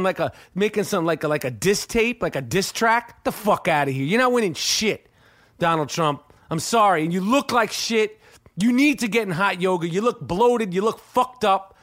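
A man, hosting a podcast in an animated, profane comedic rant, swearing and repeating himself. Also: high voice. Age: 40s. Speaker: podcast host.

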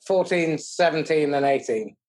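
A woman's voice: low voice, expressive, normal speed, darkish tone. A middle-aged woman hosting an interview, asking playful questions of her guest. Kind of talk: casual interview.

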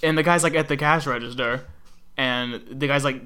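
A man's voice: medium pitch, fairly even intonation, normal speed, bright, forceful tone, a little hiss or hum. A young man in casual chat, joking and swearing through his banter.

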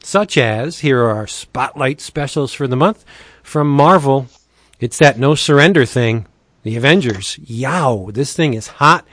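A man hosting a casual podcast reads comic deals in a playful pitchman manner. His voice sits in an ordinary middle pitch. He is recorded close on a dry mic with no room sound. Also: animated, a little slow, fairly bright tone, no echo. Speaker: podcast host.

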